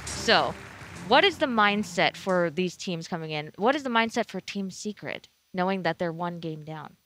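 A woman's voice: on the low side, expressive, normal speed, a bit bright, a little hiss or hum. A woman hosting a live esports analysis panel in an upbeat, giggly way, steering the panel with questions. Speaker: esports desk host.

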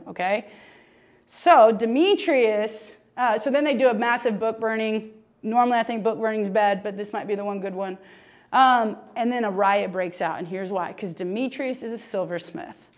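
A woman teaching a humorous, chatty Bible lesson, joking and laughing often. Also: medium pitch.

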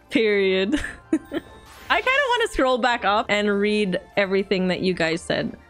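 A young woman streamer, reading a story aloud and then chatting casually and animatedly with her viewers. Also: mid-range voice. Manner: animated, giggly, chatty with chat.

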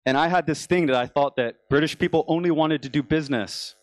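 A man's voice: on the high side, brisk, no echo. Young American man giving a dry business talk. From United States. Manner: casual storytelling with frequent restarts. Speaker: conference speaker. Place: conference stage.

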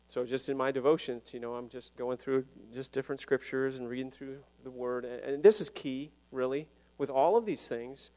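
A man's voice: medium pitch, moderate pace, hardly any pauses, darkish tone. A man pastor giving a sermon in a chatty, self-deprecating storytelling way, often laughing at himself, in a church sanctuary. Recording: long reverb of a church sanctuary.

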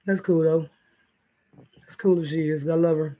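High-voiced rambling male livestreamer. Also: steady tone, normal speed, warm tone. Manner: rambling, profane, talks straight to the chat. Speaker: livestream host. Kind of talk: casual livestream chat. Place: indoors, in bed.

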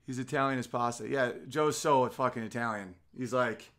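A man in his thirties hosting a podcast, ranting profanely and reading out viewer comments, swinging between loud outbursts and muttered asides. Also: mid-range voice, steady tone, moderate pace. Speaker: podcast host. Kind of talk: casual podcast rant, reading chat comments.

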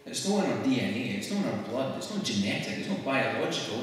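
A man's voice: medium pitch, very animated, a little hiss or hum. Scottish man speaking in an echoey hall. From Scotland. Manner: conversational and wry, quick laughs. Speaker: speaker at a public event. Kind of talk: public talk to an audience. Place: church hall. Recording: echoey hall recorded from far off.

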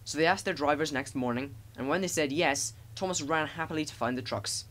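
A man narrating a children's railway storybook in a gentle, expressive reading. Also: a little high, fairly quick. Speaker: audiobook narrator.

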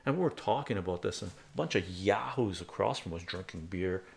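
A man's voice: sits low, lively intonation, fairly quick, vocal fry. A man giving a blunt, profane, heated rant in a casual live stream, talking to his chat.

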